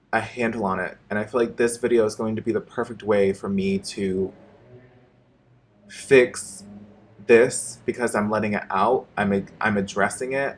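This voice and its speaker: A man vlogging an emotional personal confession to his viewers, halting and repeating himself and swearing often. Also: on the low side, slight background noise.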